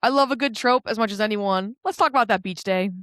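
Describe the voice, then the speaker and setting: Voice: medium pitch, fairly bright tone, dry recording, clean studio sound. Podcast co-host chiming in. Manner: quick agreeing interjections, laughs along. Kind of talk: casual anime discussion.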